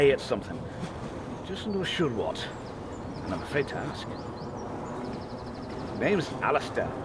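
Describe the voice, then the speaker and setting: Alistair, a wry Scottish fisherman. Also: on the high side. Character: wry, grumbling male Scottish fisherman and harbour master. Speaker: harbour master in a game. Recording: game audio with clear background noise.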